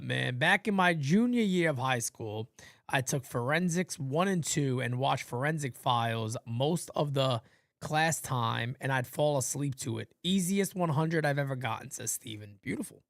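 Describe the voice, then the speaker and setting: A man hosting a casual live fan play-by-play, rambling and swearing between pitches. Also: very animated, normal speed, vocal fry, dry recording, studio quality. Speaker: play-by-play host of a fan channel.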